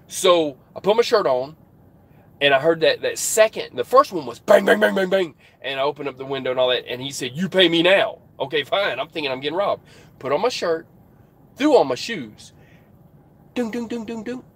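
A middle-aged man tells a story from his truck cab with a husky, slightly rough voice. His voice sits a bit high and jumps all over the place as he acts out what everyone said. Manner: excitable, acts out dialogue in a higher voice. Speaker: truck driver vlogger. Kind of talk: casual storytelling to camera.

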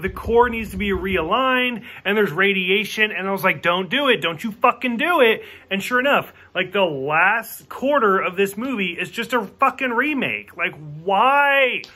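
A man's voice: high-pitched, sharp tone. A man reviewing a movie in a casual rant, exasperated and swearing, acting out the characters' lines as he goes. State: drinking while reviewing.

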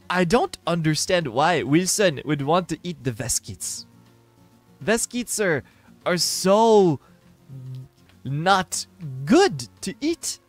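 A stammering, childish young man who adores biscuits comes through, as a man puts him on for a live stream. The voice swoops widely in pitch and drags along slowly, repeating words. Faint music sits behind. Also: heavily acted. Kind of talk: live-stream impression of a teammate.

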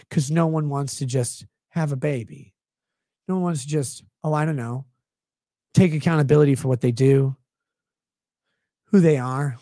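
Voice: medium pitch, a little mellow, no echo. Sarcastic, swearing livestream ranter, dry sound. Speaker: livestream commentator. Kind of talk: profane comedic rant.

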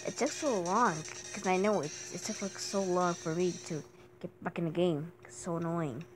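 A woman hosting casual gameplay commentary, talking to herself while she plays and bursting into excited shrieks and yelps. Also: lowish voice, normal speed, over music. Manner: talks to herself while playing. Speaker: gaming channel host.

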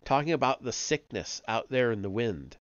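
A man voicing an ancient male tree librarian with a thick, raspy voice, a strange accent and oddly inverted, cryptic speech. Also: mid-range voice, animated, moderate pace, no echo, dull audio, lightly acted. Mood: cryptic, ominous.

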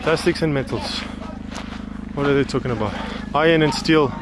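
A man's voice: fairly high pitch, normal speed. A man vlogging casually outdoors while hiking a volcano path, chatting to viewers and sounding tired from walking. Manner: chatty, talks to viewers and companion. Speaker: travel vlogger. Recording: loud outdoor noise.

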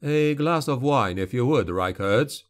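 A man voicing a cold, commanding male witch hunter who speaks slowly and with measured authority. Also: mid-range voice, expressive, natural voice. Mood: stern.

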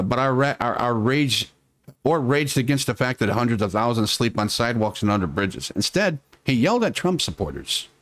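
A man's voice: medium pitch, no echo. A man hosting a casual political live stream, rambling and sarcastic, muttering to himself as he works his computer and swearing now and then.

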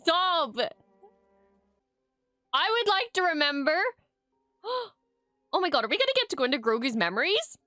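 High, bright-voiced woman gushing in reaction. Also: sing-song, moderate pace, pauses often, dry recording, clean studio sound, soft background music. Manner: gasping, laughing, swearing, gushing. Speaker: reaction video host. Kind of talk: excited live reaction commentary. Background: faint show soundtrack.

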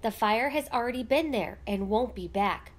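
A woman voicing a brave older girl in a storybook, soft and reassuring. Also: on the high side, moderate pace, close to an everyday voice. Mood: comforting. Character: brave older immigrant girl, calm and comforting.

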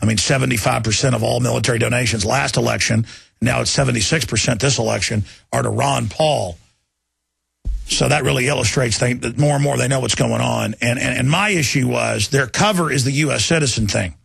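A man in his thirties with a Texan accent, hosting a talk radio call-in show and talking in a combative, rapid way that repeats itself. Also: medium pitch, gravelly, fairly bright tone, breathy edge, no room sound. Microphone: studio microphone.

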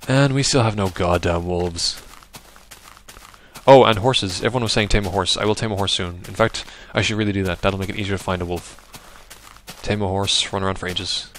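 A man's voice: low voice, brisk, slight background noise. Chatty man narrating a game. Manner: chatty, rambling, bursts into loud yelps at the game. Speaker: gaming video host. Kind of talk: casual let's-play commentary.

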